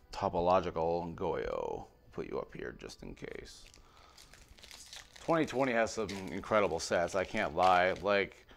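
Male vlogger, low and gravelly, casual pack-opening chatter, mutters card names, swears freely. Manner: rattles off card names, swings between muttering and excited outbursts, swears freely. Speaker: card pack opener on a video channel.

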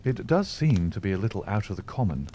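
A man reading aloud and voicing a brusque, lazy male detective who talks in a calm, dry, offhand way. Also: fairly low pitch, fast, slight background noise.

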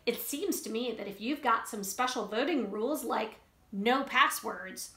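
A woman's voice: a little high, measured pace, sharp tone. A woman voicing a principled young hen who protests and gets exasperated. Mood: indignant. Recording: roomy echo.

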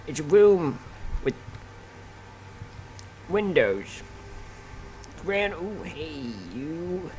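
A man commentating on his own gameplay, excitable and often blurting out exclamations. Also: on the high side, drawn-out words, long pauses. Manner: excitable, keeps exclaiming "oh snap". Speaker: gaming channel host. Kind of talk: let's play commentary.

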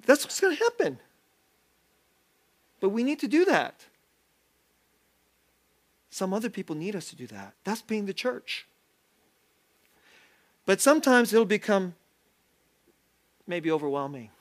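Male pastor preaching, high voice, lively, self-deprecating, frequent laughter. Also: measured pace, pauses often. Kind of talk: sermon. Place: church sanctuary.

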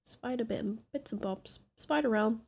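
A young woman playing a video game for her channel, chatting and reacting with quick giggles. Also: a little high, creaky, a little mellow. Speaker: let's-play host. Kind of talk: game commentary.

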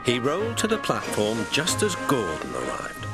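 A British man narrating a children's story with a very lively, up-and-down delivery. His tone is gently expressive, and music plays under the narration. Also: mid-range voice, moderate pace.

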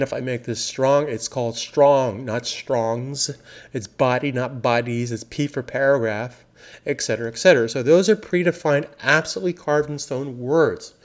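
A man teaching web design software, narrating a screen recording in an upbeat, emphatic way and repeating key phrases. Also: mid-range voice. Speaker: software trainer.

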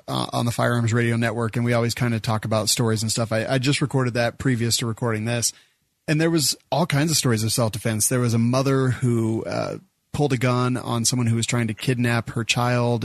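A man's voice: medium pitch, fairly even intonation, a little fast, no room sound. A man hosting a podcast, chatty and joking at his own expense as he asks questions and tells stories. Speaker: podcast host. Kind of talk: casual podcast chat.

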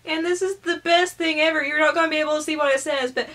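A woman vlogger opening gifts on camera, gushing and excited, often tearful and soft-spoken. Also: high voice, quick pace. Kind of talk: casual unboxing vlog.

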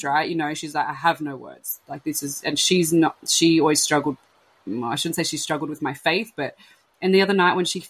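A husky-voiced woman talks openly and emotionally, her sentences trailing off and restarting as she acts out her friends' words. Her speech is slightly breathy. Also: deep voice, rough recording. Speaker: podcast host sharing her baby loss. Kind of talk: candid casual chat.

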